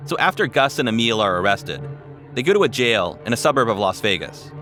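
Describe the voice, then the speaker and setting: A man narrating a documentary podcast in a measured way, with dramatic pauses. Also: medium pitch, very animated, sharp tone, faint music behind. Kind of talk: scripted narration.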